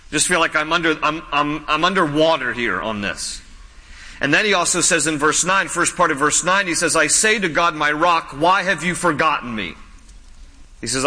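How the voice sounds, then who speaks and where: A pastor preaching a sermon, earnest and conversational, slowing down to stress key words. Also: male voice, on the high side, bright, forceful tone. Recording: long hall reverb.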